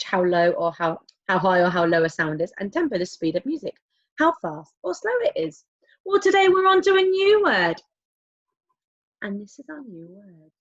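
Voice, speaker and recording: Lively sing-song woman teaching young kids. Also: fairly high pitch. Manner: animated, playful, sing-song with whoops and whispers. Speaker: primary school music teacher. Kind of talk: online lesson for young children. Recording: dull lo-fi home video sound.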